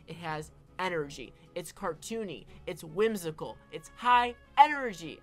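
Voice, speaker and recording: A woman's voice: mid-range voice, animated, normal speed, hardly any pauses, fairly bright tone, soft background music. A woman giving casual opinion commentary as an online film commentator, emphatic and often tagging her points with "all right?".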